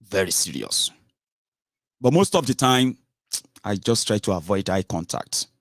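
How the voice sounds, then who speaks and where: A man with a Nigerian accent, giving an animated, casual monologue as a political commentator. He slips into Pidgin and Yoruba phrases. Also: on the low side, a little slow, gravelly, dry recording, clean studio sound.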